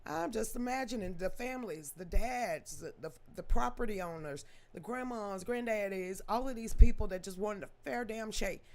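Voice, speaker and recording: A woman's voice: medium pitch, normal speed, hardly any pauses, darkish tone. A woman hosting a live news commentary stream, talking emotionally and profanely, often repeating herself and greeting viewers in the chat by name. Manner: stammering repetitions. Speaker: livestream news host.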